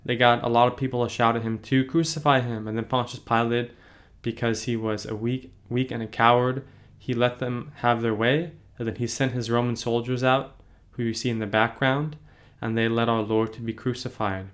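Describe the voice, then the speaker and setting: A man, a priest, leading a catechism meditation on a painting, gently asking the listener questions and answering them. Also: medium pitch, flat delivery, moderate pace.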